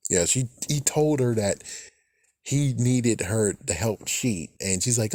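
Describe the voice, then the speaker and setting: Warm-toned and animated yet unhurried, this man rants casually through a TV episode recap as a fan, swearing, raising his voice to mock characters and mimicking their lines at a higher pitch. The clean studio audio has no room sound.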